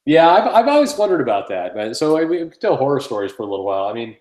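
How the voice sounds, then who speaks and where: A man's voice: medium pitch, big pitch swings, racing, a little mellow, echoey room. A man who owns a comic shop, chatting casually and telling rambling stories with plenty of swearing and laughter. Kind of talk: casual podcast chat.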